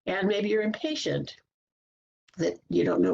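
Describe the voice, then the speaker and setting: A woman positivity coach giving a lively webinar talk from a computer mic, acting out everyday self-talk. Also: on the low side, a little slow, gravelly, a little hiss or hum. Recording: muffled lo-fi webinar audio.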